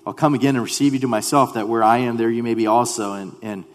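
A man preaching a sermon in an earnest way, repeating himself and dropping to a hush when he voices quoted prayers. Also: mid-range voice, quick pace. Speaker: pastor. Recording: long hall reverb.

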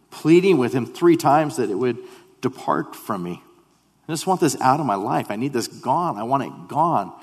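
An earnest male preacher delivering a sermon in a mid-range voice. He repeats phrases as he builds, then drops to a near hush when voicing quoted prayers. His voice rings out with a long reverb, as in a large church hall. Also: medium pitch. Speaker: pastor.

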